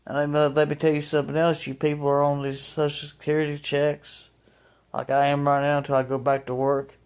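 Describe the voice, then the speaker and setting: A man's voice: on the high side, completely flat delivery, a little fast, a little mellow, clear, resonant tone. A man talking casually to his viewers in a rambling vlog, often restarting and repeating his words. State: emotional, voice breaking. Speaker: vlogger. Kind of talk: casual monologue to camera.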